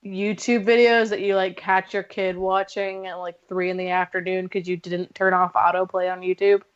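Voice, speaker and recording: A woman's voice: mid-range voice, little pitch movement, normal speed, clear, resonant tone, dull audio. A woman guest on a podcast, chatting in a wry, casual way.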